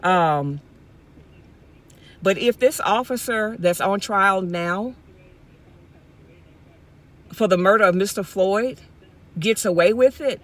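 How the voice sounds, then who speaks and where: A woman's voice: mid-range voice, expressive, takes it slowly, pauses often. A woman from Mississippi, talking straight to her viewers in a casual vlog, impassioned and repeating herself as she goes, speaking from her car. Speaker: YouTube vlogger.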